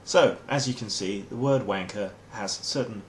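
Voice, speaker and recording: Wry English man with low voice. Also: normal speed, a little hiss or hum. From England. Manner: dry, wry and mock-formal. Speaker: host. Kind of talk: comic explainer monologue.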